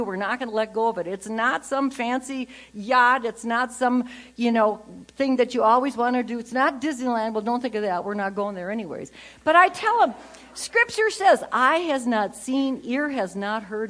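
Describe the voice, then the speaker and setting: With quick wit and lots of animation, an older woman tells stories during a comic faith talk at a conference. She acts out her kids and others, and her delivery jumps from loud bursts to soft asides.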